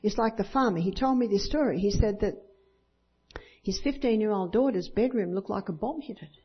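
A woman's voice: mid-range voice, brisk, breathy edge. A woman giving a teaching talk to an audience, acting out bits of dialogue and often asking listeners for agreement. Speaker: parenting teacher at a church talk. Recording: dull lo-fi recording.

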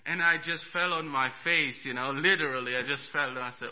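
A man preaching a sermon and telling a personal story, his voice swinging from hushed to loud, with chuckles along the way. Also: mid-range voice, brisk. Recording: dull lo-fi recording.

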